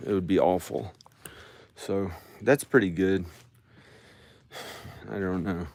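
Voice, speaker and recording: A man talking into his phone in a rambling personal vlog, halting and sighing with many restarts. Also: sits low, steady tone, a little mellow. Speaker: vlogger. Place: at home and outdoors in the country.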